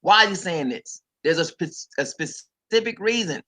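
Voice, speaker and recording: Forceful, emphatic livestream preacher man. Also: fairly high pitch, expressive, moderate pace, rough recording. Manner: emphatic, repetitive, talks straight to viewers; reads scripture aloud and comments on it.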